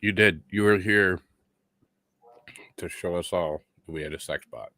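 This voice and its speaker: A man's voice: deep voice, unhurried, sharp tone. A man co-hosting a casual stream, playful and giggly, talking while he eats. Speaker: podcast co-host. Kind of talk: casual late-night stream chat.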